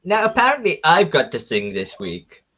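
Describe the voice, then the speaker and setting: A man hosts a rowdy online game night in a camp, teasing way, swearing and calling his friends darling. His voice sits a little high and leaps around with lively swings. The mic sounds dull and lo-fi. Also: moderate pace. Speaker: host. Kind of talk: casual online game show banter.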